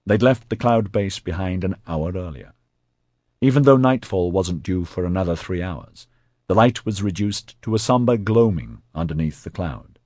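A man narrating an audiobook in an expressive, scripted reading. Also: low-pitched, moderate pace, no echo, clean studio sound.

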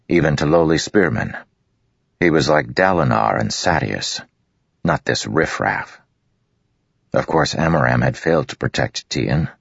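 Very deep, gravelly man narrating. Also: no room sound. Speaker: audiobook narrator. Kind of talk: scripted narration. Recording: dull, muffled dry recording.

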